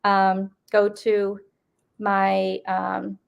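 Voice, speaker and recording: A woman's voice: medium pitch, completely flat delivery, extremely slow, creaky, smooth, muffled recording. A woman from upstate New York with an upstate New York accent mixed with Boston, chatting casually and organizing paranormal events, with lots of fillers and restarts. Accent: upstate New York with a Boston mix. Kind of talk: casual chat.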